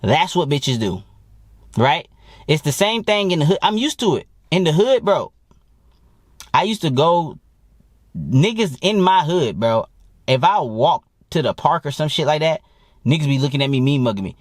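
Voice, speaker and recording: A young man lectures about dating in a loose, profane monologue, his voice riding a little high and bouncing through a wide, lively pitch range. He sounds blunt and animated. The sound is close and dry, with no room around it. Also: normal speed, long pauses, no echo. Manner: profane, blunt and animated, mimics people he quotes. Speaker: dating coach. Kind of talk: casual monologue.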